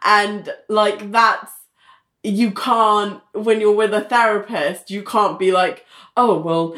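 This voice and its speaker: A woman in casual chat, talking in quick bursts full of "like" and laughing easily. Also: medium pitch, steady tone, fairly bright tone. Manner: chatty, frequent "like" fillers, laughs easily. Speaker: podcast co-host. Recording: echoey room.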